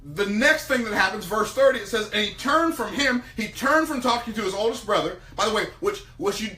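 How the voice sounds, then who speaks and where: A man preaching a sermon, retelling scripture in lively everyday speech. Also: high-pitched, brisk, reverberant, recorded from a distance. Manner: animated, retells scripture in casual everyday talk. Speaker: preacher teaching on business and faith.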